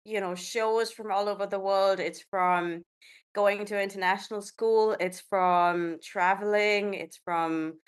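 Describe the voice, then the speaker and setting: A woman's voice: mid-range voice, fairly even intonation, measured pace, clean tone. A woman in her thirties from India, chatting as a podcast guest in a rambling, conversational way. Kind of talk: casual conversational interview.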